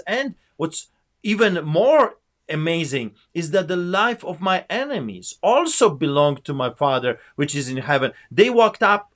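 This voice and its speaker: A pastor preaching fervently as a guest, with rousing biblical exhortation. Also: male voice, on the high side, fairly bright tone. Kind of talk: preaching to an online audience.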